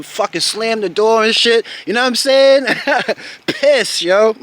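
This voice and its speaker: A man's voice: high voice, measured pace. A man from the United States telling a personal story to camera in a loose, profane, casual way, often checking in with the listener. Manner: loose and profane, repeatedly asking "you know what I'm saying"; grows loud and animated when recalling anger.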